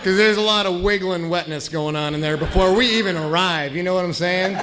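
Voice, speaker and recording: A man's voice: sits high, a little fast, heavy background noise. A man competing as a panel contestant at a live comedy show, making sly bawdy jokes. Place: ballroom stage before a live audience.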